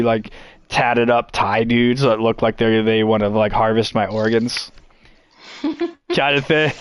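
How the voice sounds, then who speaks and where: Guy rambling thru a story, swears a lot, laughs, mid pitch, dry close mic. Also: smooth, dry recording. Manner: rambling, profane, laughs often. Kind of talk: casual storytelling.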